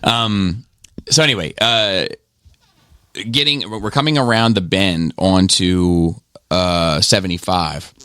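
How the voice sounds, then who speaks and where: A man co-hosting a podcast, telling a road-rage story in casual chat, swearing freely and acting out the shouting. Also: sits low, slow pace, smooth, no room sound, clean studio sound. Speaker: podcast co-host.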